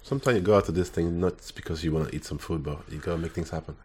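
A man with a very deep voice. He chats as a podcast guest in an easygoing, humorous way. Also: racing, a little mellow, slight background noise. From Nigeria. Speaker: podcast guest, former footballer. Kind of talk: casual chat.

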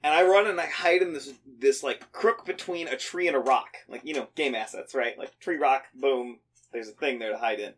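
A young man chatting casually as a podcast co-host, telling animated stories, swearing often and laughing. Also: mid-range voice, normal speed. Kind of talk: casual chat.

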